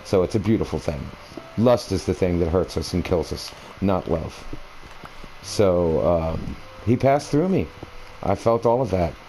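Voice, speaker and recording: A man's voice: low voice, lively intonation, unhurried, mellow, a little hiss or hum, rough recording. A man recording a gaming video, rambling through a personal story in a meandering, conversational way while he plays at home. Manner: meandering, conversational, many fillers and restarts. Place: at home, playing a console game.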